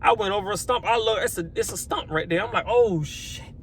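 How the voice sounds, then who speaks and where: High-voiced man telling a rambling work story. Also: fast talker, a little hiss or hum. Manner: animated, rambling, acts out his own reactions; swears then apologizes. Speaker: lawn care business owner. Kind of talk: casual vlog storytelling.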